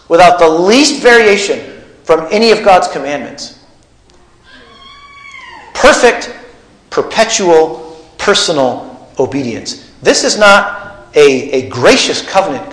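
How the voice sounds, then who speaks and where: A man's voice: on the high side, fairly bright tone, reverberant, low-quality recording. A man preaching a teaching sermon, putting questions to his congregation. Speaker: pastor. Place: church.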